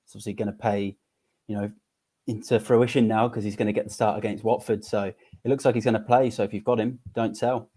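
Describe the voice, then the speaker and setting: A man's voice: fairly low pitch, level tone, a little fast, dark tone, breathy edge. A man on a casual podcast panel, plainly giving advice. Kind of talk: casual tips chat.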